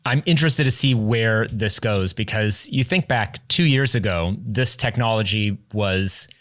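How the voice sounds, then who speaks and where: A man's voice: on the low side, unhurried, fairly bright tone. A man hosting a casual interview, chatty and friendly, often laughing between points. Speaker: podcast host.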